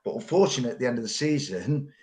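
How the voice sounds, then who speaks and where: A man's voice: mid-range voice, expressive, very fast, a little mellow. Rambling middle-aged man. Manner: long-winded storytelling, repeats words. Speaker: pundit. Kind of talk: casual football podcast chat.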